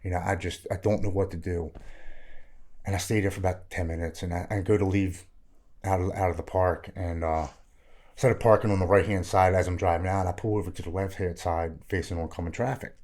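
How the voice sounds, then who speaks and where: A man's voice: low-pitched, steady tone, fast talker, darkish tone. A man, frankly telling his own recovery story as a podcast guest. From Maryland. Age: 40s. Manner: earnest, frank, plain-spoken. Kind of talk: candid personal storytelling.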